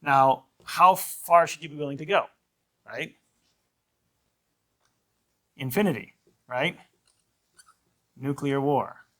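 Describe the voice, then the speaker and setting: A priest teaching a marriage class in a conversational lecture style, often checking in with "right?" and acting out short quoted lines of kids and parents. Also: male voice, fairly high pitch, slow, pauses often, sharp tone. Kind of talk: informal lecture.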